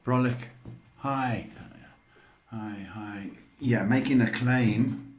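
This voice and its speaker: A man's voice: medium pitch, fairly even intonation, drawn-out words, darkish tone, echoey room. A man giving psychic readings on a live stream, talking with many hesitant ums. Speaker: psychic reader.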